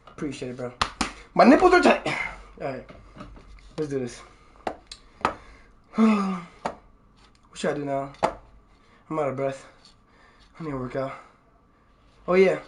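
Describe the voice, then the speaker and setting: A young man with a high, light voice streams live and talks straight to his chat. He is excitable and curses freely. He lurches from sudden loud outbursts down to quiet grumbling asides. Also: unhurried, pauses often, background noise. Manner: excitable, swears a lot, jumps from loud outbursts to low mutters. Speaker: livestreamer. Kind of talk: casual livestream chat.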